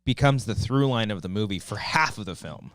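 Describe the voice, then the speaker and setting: A man's voice: fairly low pitch, animated, brisk, fairly bright tone, no echo, studio quality. A man co-hosting a podcast, rambling through a casual film discussion with lots of fillers and restarts, swearing freely. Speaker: podcast co-host.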